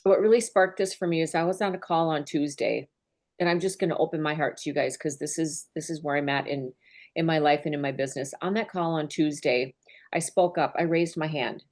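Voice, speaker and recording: Woman, team leader, slightly low pitch, conversational, emotionally open, sincere. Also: fairly even intonation, fairly quick, darkish tone. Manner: earnest and openly emotional, conversational. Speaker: business mentor and team leader. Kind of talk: heartfelt talk on a group call.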